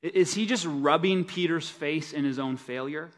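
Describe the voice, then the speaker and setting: A man preaching a sermon, swinging between loud emphasis and quiet, low asides. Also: normal speed, few pauses. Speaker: pastor. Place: church service.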